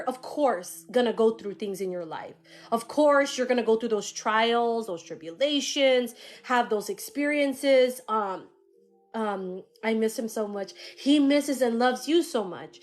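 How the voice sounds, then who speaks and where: A woman giving a live-streamed psychic reading in a casual, animated way, swearing and laughing often. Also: a little high. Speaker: psychic medium.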